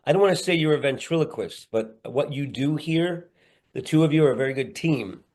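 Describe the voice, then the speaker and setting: On a video call for a candid podcast interview, a middle-aged man who works as a comedian and actor rambles earnestly, tossing in playful asides. He speaks briskly, with a slightly mellow voice on the high side.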